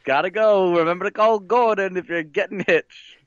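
A man's voice: high-pitched, moderate pace, fairly bright tone, no room sound, pitched above the performer's own voice. Boastful male wedding planner caller, put on by a man, dry and muffled. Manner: boastful, keeps saying "let me tell you something". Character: smug male video game wedding planner. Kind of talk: comedic improv character.

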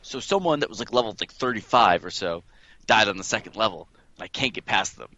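A man's voice: lowish voice, lively intonation, fast talker, sharp tone. A man co-hosting a casual gaming podcast, hesitant, often trailing off and restarting his sentences. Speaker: podcast co-host. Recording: dull lo-fi dry sound.

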